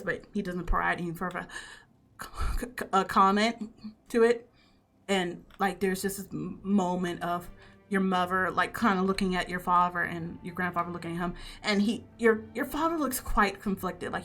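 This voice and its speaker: A woman's voice: medium pitch, a bit bright. A young woman game master narrating a tabletop game in a casual, filler-heavy way.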